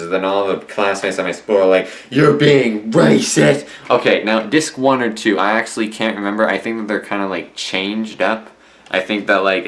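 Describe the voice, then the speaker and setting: A man's voice: fairly low pitch, a bit bright. A man chatting casually at home as he reviews an old TV story, rambling and full of restarts. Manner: swaps swear words for mild substitutes. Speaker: classic TV reviewer. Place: at home, indoors.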